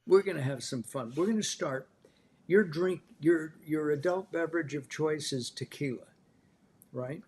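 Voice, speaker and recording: A man's voice: fairly high pitch, normal speed, a little mellow, a little hiss or hum. Chatty male cooking show host. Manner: chatty, loose, many filler uhs. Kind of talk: live cooking show chat.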